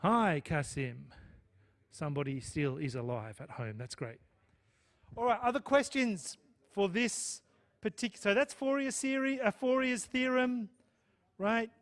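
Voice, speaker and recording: Male math lecturer, high-pitched, chatty and checking in with the class. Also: expressive, unhurried. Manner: chatty, checks in with "okay?" and "right?". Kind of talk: live lecture with student questions.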